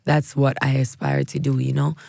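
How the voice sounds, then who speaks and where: A woman's voice: a bass voice, moderate pace, gravelly, breathy edge, no room sound. A Jamaican woman, a music artist, chatting casually and laughing in an interview. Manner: laughing, lively, slangy.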